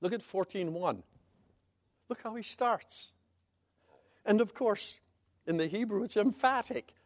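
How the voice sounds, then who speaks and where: A man's voice: high-pitched, measured pace, no room sound. A man preaching a sermon as Bible teaching, stressing key words emphatically and explaining Hebrew terms one by one.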